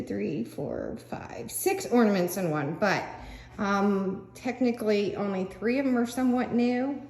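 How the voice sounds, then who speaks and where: A woman's voice: medium pitch, warm tone. Older woman, rambling craft chat, laughs a lot, roomy echoey sound. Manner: chatty, laughs often, trails off with fillers. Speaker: craft vlogger. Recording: roomy echo.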